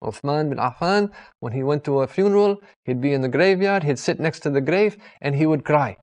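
Man, sermon, earnest, repetitive, slightly high voice. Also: lively intonation, brisk. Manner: earnest, repetitive, with pious formulas. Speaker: preacher.

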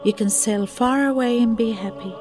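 A woman voicing a gentle, giving old apple tree, speaking softly and tenderly. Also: fairly high pitch, moderate pace, over music, lightly acted.

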